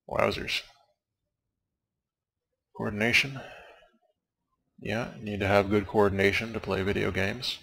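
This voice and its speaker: A man's voice: lowish voice, fairly even intonation, measured pace, creaky, pauses often, pushed and bright, slightly rough. A young man casually rambling as a let's play commentator, making wry, dry jokes and wandering off on asides. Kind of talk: casual rambling commentary over game credits.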